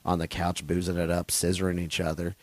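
Low-voiced comedian telling road stories. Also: male voice, completely flat delivery, a little fast, darkish tone. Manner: rambling, profane, lots of fillers and restarts. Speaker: touring comedian guest. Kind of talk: casual storytelling in an interview. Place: hotel room.

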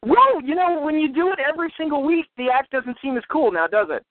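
Man, podcast co-host, blunt, fed-up, high, animated pitch, dry phone-like sound. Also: brisk, no room sound. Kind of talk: casual wrestling chat.

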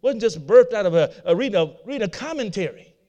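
Man preaching, high voice, repeats himself, rhetorical questions. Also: very animated, fast, warm tone, dull audio. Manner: repetitive, asks the audience rhetorical questions. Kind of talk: sermon.

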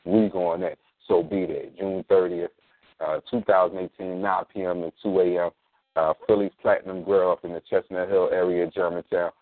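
A man hosting a casual talk radio show, plugging events in a relaxed, slangy way. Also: low voice, no echo. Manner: laid-back slangy promos, spells things out slowly. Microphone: sits in a squeaky reclining chair. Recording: dry tinny phone-like line.

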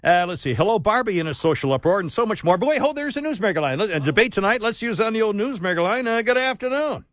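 A man hosting a talk radio show, quick with the banter and quick to laugh. His voice rides high and swings widely. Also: expressive, a bit bright, no room sound. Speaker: radio host.

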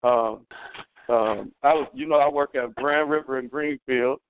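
A middle-aged man on a community call, telling a story as a testimony, animated, with many restarts. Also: medium pitch, a little slow, clear, resonant tone, dry recording, muffled recording. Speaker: caller sharing a testimony. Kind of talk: casual spoken testimony.

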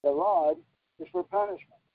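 Gravelly preacher on a tinny line. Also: male voice, huge pitch swings, no echo. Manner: slow deliberate preaching with sudden high emphatic jumps. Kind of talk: sermon with sign language interpretation. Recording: tinny phone-like broadcast line.

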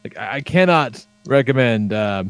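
A man's voice: medium pitch, lively intonation, normal speed, smooth, no echo. A man chatting casually on a podcast, swearing freely and rambling with lots of fillers as he tells stories. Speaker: podcast co-host.

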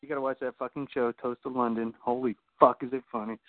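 A man's voice: mid-range voice, level tone, fast talker, no echo. A man hosting a podcast, trading crude, laughing banter in casual chat. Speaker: podcast host. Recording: tinny phone-line sound.

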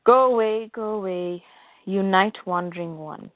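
A woman's voice: mid-range voice, a little slow, dry recording, natural voice. Dazed warrior woman lost in visions read by a woman, plain read, phone-line sound. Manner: plain read-aloud delivery. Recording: phone-like dry audio.

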